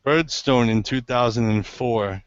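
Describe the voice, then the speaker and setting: Brief: mid-pitched man handicapper, chatty, lists names fast, muffled lo-fi audio. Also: dry recording. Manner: lively, rattles off lists of names. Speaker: horse racing handicapper. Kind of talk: casual roundtable chat. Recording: dull lo-fi recording.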